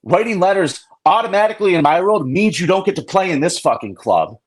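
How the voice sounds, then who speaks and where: A fairly high-voiced man, a guest on a live stream, airing a grievance. He talks bluntly and indignantly, swears freely and circles back over the same point. His voice sits a bit high for a man. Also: expressive, fairly quick, breathy edge. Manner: blunt, indignant, profane, rambling. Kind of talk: heated live-stream talk.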